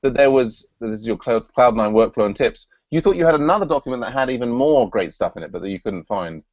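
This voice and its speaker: A man's voice: mid-range voice, animated, fast, darkish tone, dry recording, lo-fi sound. A man hosting an online work meeting, thinking aloud with frequent restarts and fillers. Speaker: meeting host. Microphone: video call.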